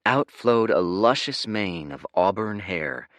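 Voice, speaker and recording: A man's voice: fairly low pitch, animated, takes it slowly, a bit bright, no room sound, highs cut off. A man narrating an audiobook expressively, switching into character voices. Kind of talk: scripted narration.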